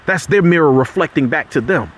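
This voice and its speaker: A man giving an impassioned spiritual talk, loose and conversational, with slang and restarts. He climbs sharply in pitch whenever he drives a point home. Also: lively intonation, fairly quick, fairly bright tone. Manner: preachy, rises sharply in pitch when making a point. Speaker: motivational speaker.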